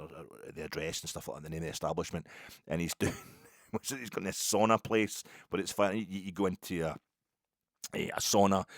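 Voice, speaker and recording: Older Scottish man, podcast host, wry rambling patter, low-set voice, dry close sound. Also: dry recording. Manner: rambling, wry, restarts a lot. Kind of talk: casual post-match monologue.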